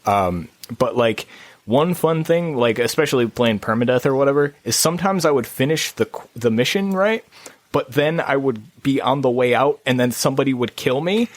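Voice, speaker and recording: A man co-hosting a gaming podcast, telling a rambling story in casual chat with lots of restarts and sudden jumps in pitch. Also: animated, moderate pace, no room sound. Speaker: podcast co-host. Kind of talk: casual chat about video games.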